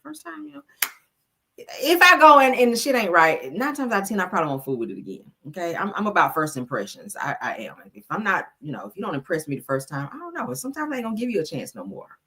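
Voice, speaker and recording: A middle-aged woman who hosts her own show tells stories in casual chat, animated and full of swearing. Her husky, bright voice swings widely in pitch, and she talks fast.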